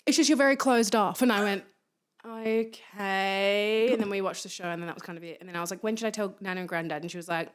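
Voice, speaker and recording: A woman speaks very fast with hardly a pause, her voice on the low side, as a guest in a casual podcast conversation. She tells stories with energy, voicing the people she quotes and laughing in bursts.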